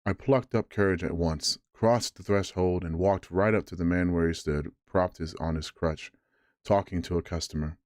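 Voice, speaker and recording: A man with a deep, low voice reads a bedtime story aloud in a measured way, now and then tripping over a word. The sound is dry and close, with no room around it. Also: fairly even intonation, a little mellow, no echo.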